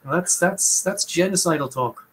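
A man's voice: high-pitched, normal speed, a bit bright, a little hiss or hum, poor audio. A man co-hosting a casual history podcast, making sarcastic, joking asides. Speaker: podcast co-host.

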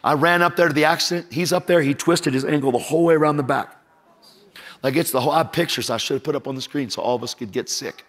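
Energetic, slightly high-voiced middle-aged preacher. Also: male voice, fast talker. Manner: energetic, acts out quoted voices, jokes with the audience. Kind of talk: storytelling sermon.

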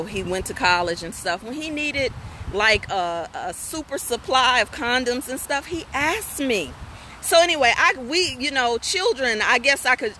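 A middle-aged woman talks frankly on a casual live stream, reading comments and spinning folksy stories. Her voice is bright and forceful. Faint traffic hums behind her outdoors. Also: a little high. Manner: candid, folksy, animated storytelling with asides to viewers. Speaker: host of a women's talk stream.

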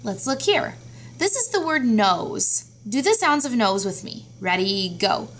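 A woman's voice: a little high, big pitch swings, a bit bright, a little hiss or hum. A woman teaching a children's phonics lesson, patiently sounding out each letter and word. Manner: slow, patient, sounding out words.

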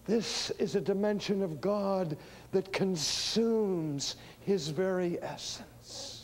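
A man delivering a teaching sermon, emphatic and dramatic, swinging between hushed lines and booming ones. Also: slow pace. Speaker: preacher.

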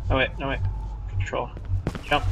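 A man's voice: medium pitch, flat delivery, moderate pace, vocal fry. Guy rambling through a game at home, self-mocking, medium voice, music going behind him. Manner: rambling, self-mocking, with sudden loud outbursts. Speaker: gamer. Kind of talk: casual let's-play commentary.

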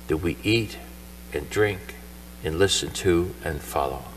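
With a low, somewhat bright voice, a male priest preaches a homily at Mass in a church shrine, relating the story conversationally and animating the characters' lines. He's far off the mic, and there's slight background noise.

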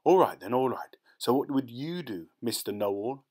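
A man's voice: mid-range voice, animated, moderate pace, a little mellow, close to an everyday voice. A man voicing a blunt, skeptical filling-station worker who quizzes and doubts a visitor in a storybook reading.

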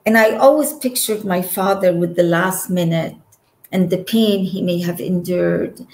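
A woman's voice: fairly low pitch, unhurried, a little mellow, reverberant, rough recording. A woman telling a personal story as an interview guest, emotional and trailing off between phrases.

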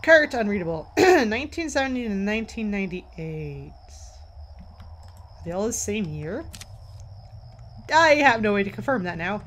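A woman's voice: medium pitch, very animated, measured pace, long pauses, fairly bright tone, a little hiss or hum. A woman commentating a horror game as she plays, a little tired, jumpy and swearing as she jokes to herself. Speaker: let's play gamer.

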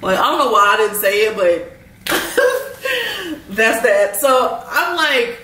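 A woman's voice: a little high, unhurried, roomy sound, recorded from a distance, low-quality recording. Young woman rambling through a storytime. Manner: animated, rambling, lots of "like" and slang. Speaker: vlogger. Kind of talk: storytime while eating.

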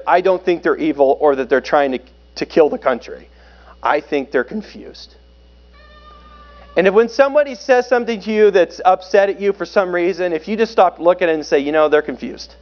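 A man preaching a sermon as pastor, conversational and joking, swinging between loud and soft. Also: high-pitched, highs cut off.

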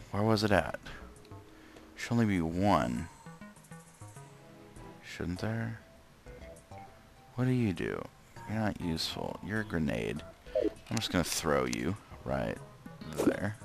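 A man's voice: low-pitched, very animated, slow pace, creaky, pauses often. A man casually commenting on his own gameplay, muttering to himself and breaking into frustrated outbursts. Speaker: let's play gamer. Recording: gameplay with loud game music behind.

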